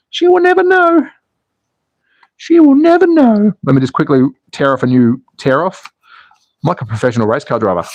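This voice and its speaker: An Australian man hosting a slot car racing livestream, calling the races and chatting to viewers in a jokey, casual way. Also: medium pitch. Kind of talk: live race commentary and viewer chat.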